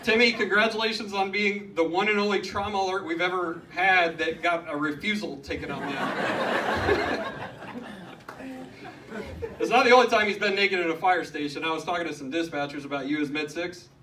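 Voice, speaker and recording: A man's voice: high-pitched, normal speed, sharp tone. A man hosting a retirement roast, teasing the guest of honor and introducing the next speaker. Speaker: roast emcee. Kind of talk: roast speech to a crowd. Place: hall at a retirement party. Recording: distant recording in a hall with crowd noise.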